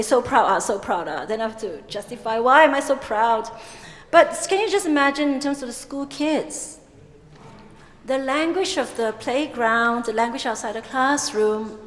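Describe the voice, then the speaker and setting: A high-voiced woman from Singapore gives a plenary talk in a large conference hall, the recording carrying a long hall reverb. She lectures in a lively, expressive way, dropping in chatty asides.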